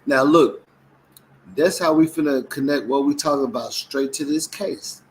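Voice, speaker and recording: A man's voice: on the high side, normal speed, slight background noise, poor audio. A man co-hosting a casual commentary chat, talking animatedly and acting out quotes in mimicking voices. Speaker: co-host.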